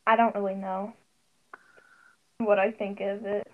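A woman's voice: medium pitch, little pitch movement, measured pace. Hesitant woman guest, dull lo-fi sound. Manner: hesitant, short answers. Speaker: podcast guest. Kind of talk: casual book club chat.

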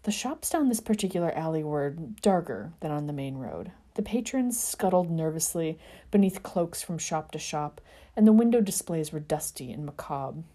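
Woman reading a story aloud, low mellow voice, lots of expression. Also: animated, normal speed. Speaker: fan fiction reader. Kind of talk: storybook narration.

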